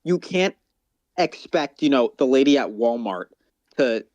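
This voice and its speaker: Young male podcast co-host, teasing, lively high-ish voice, dry close mic. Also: unhurried, no room sound. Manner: animated, teasing. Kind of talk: casual podcast chat.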